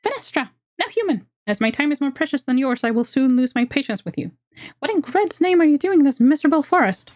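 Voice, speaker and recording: A woman voicing an impatient, bitter elf sorceress in a game, with a squeaky, haughty, curt manner. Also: animated, quick pace, darkish tone, dry recording, clean studio sound. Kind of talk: character voice in a narrated game.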